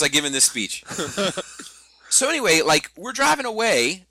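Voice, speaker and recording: A man in his thirties co-hosting a podcast, telling a family story with animated delivery, cursing and restarting phrases. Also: high-pitched, normal speed, no echo. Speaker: podcast co-host. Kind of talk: casual podcast chat.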